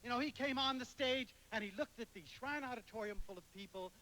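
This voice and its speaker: A man giving a motivational lecture, telling anecdotes dramatically with sudden swings between loud and soft. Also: very high voice, brisk, a little hiss or hum, low-quality recording. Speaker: motivational speaker.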